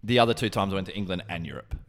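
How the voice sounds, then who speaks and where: A man's voice: low voice, expressive, very fast, gravelly. A man co-hosting a podcast, chatting casually, rambling and swearing freely. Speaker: podcast co-host.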